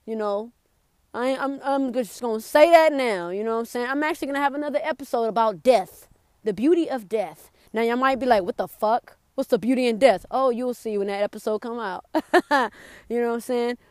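A young adult woman hosting a podcast, giving a blunt, profane motivational talk in an animated way. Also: a little high, fairly quick, clear, resonant tone, dry recording, clean studio sound. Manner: blunt, profane, animated, with mocking put-on whines. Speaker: podcast host.

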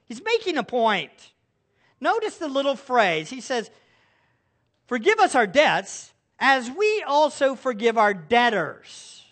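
A man's voice: very high-pitched, sing-song, slow pace, a bit bright. A middle-aged male pastor preaching a sermon, asking the congregation rhetorical questions.

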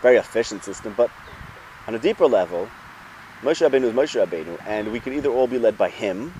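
A man teaching a Torah lesson in a relaxed, conversational way, his mid-range voice rising and falling with lively movement. He thinks aloud, circles back and poses questions to his listeners. Faint traffic noise hums in the background. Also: medium pitch, fast talker.

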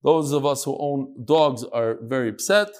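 A man's voice: medium pitch, moderate pace, a little mellow. A man teaching an informal Talmud class in a room with listeners, chatty, with joking asides and Hebrew and Yiddish terms.

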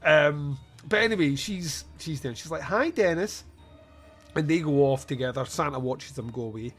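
A man's voice: on the high side, fairly quick, a bit bright, soft background music. Laughing male podcast host. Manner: laughs often, acts out lines in silly voices. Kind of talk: casual film review chat.

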